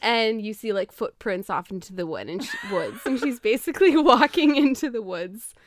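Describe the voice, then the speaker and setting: A young adult woman co-hosting a podcast, recapping a film in casual, animated storytelling. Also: on the high side, normal speed, a little hiss or hum. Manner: animated storytelling, laughs often. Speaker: podcast co-host.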